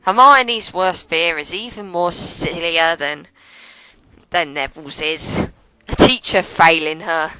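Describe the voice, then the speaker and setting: A woman's voice: on the low side, slow, bright, forceful tone, clean tone, no echo, poor audio. A young woman giving chatty, sarcastic gameplay commentary and laughing often. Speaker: let's play commentator.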